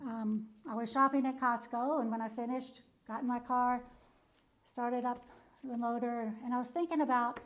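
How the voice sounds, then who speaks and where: A woman's voice: on the high side, steady tone, normal speed. A woman psychologist giving a church wellness talk, telling a personal story conversationally with frequent "um" and "you know" and many chuckles. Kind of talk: conversational presentation with a personal anecdote.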